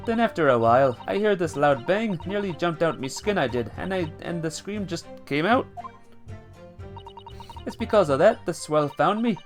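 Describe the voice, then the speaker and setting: A man's voice: a little high, animated, moderate pace, soft background music, pitched above the performer's own voice, natural voice. A man voicing a proud, cheeky girl pickpocket with a Cockney accent, reading game dialogue aloud. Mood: chatty. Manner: cheeky, streetwise slang, dropped endings.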